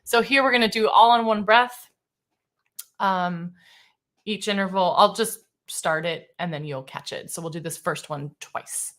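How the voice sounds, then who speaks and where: A woman voice coach leading a livestream singing warm-up, chatty and self-deprecating, demonstrating sung exercises on simple syllables. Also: medium pitch, unhurried. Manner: chatty and self-deprecating, laughing at her own slips.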